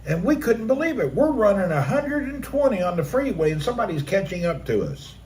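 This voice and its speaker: A middle-aged man on his live stream, telling a personal story with animated energy and acting out the action with vocal sound effects. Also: sits high, a little fast, slight background noise.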